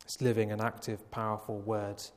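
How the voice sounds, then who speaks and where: A man preaching a Sunday evening sermon, slow and emphatic, with long pauses. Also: fairly low pitch, monotone, slight background noise. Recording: long reverb of a church hall.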